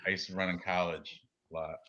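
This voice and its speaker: A man's voice: sits low, flat delivery, fast, pushed and bright, lo-fi sound. A man in his forties chatting casually about fight picks as a podcast co-host, joking and laughing often. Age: 40s. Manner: joking, laughs often, does silly voices.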